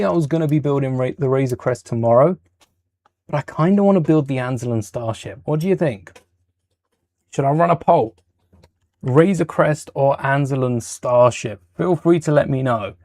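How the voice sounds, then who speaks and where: A man's voice: fairly high pitch, darkish tone, no room sound. A man hosting a casual livestream while building Lego, chatting with viewers in a rambling way and correcting himself as he goes.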